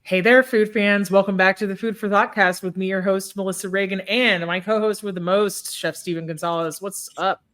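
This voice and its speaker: A woman's voice: mid-range voice, fairly even intonation, fairly bright tone. A woman hosting a podcast in casual chat, sleepy, jokey and often laughing. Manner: laughing, jokey, drawn-out yawny delivery. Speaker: podcast host.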